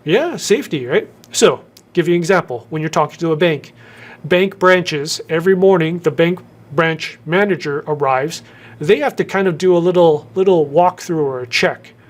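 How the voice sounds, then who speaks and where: A man hosting a career advice video in a casual to-camera talk, who speeds up and then slows down with deliberate pauses and stressed words. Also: on the high side. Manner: shifts tempo, talks fast then slows with pauses and emphasis. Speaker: YouTube host giving career advice.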